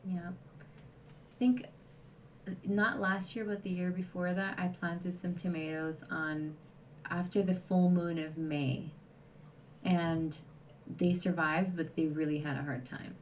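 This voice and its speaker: A woman's voice: fairly low pitch, fairly even intonation, slow, long pauses. Quebecois woman chatting, a bit distant. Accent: Quebecois French. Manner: chatty, laughs easily, reads out viewer comments. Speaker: co-host guest. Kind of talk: casual livestream chat. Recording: distant mic with faint background noise.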